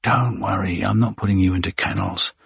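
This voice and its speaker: A male narrator voicing a shaken man who gently soothes his frightened dog in an audiobook. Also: deep voice, fairly even intonation, fairly quick, gravelly, slightly rough, no echo, clean studio sound, full character voice. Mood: soothing. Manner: soft, gentle and reassuring. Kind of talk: audiobook character voice.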